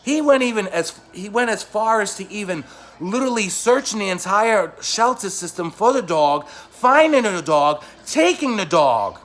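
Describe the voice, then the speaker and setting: A vlogger tells his own story in a voice pitched a little high for a man. He rambles and doubles back over his words, and his telling turns heated and loud as the feeling builds. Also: sing-song, moderate pace. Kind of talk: personal storytelling to camera.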